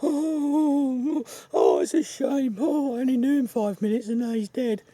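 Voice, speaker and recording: A man voicing a swooning, tearful young woman in a high, wailing falsetto. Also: a little slow, dark tone, no room sound, full character voice. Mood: sobbing.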